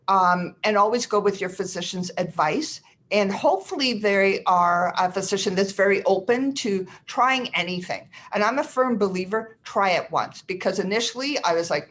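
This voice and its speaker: A woman's voice: mid-range voice, normal speed, hardly any pauses. Nurse educator woman, reassuring webinar talk. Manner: lively, acts out sample dialogues with family members.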